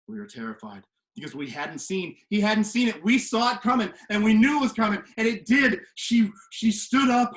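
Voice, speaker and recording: A man telling a story to the camera from his home kitchen, animated and swinging from hushed to loud. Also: sits high, moderate pace. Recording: echoey kitchen room.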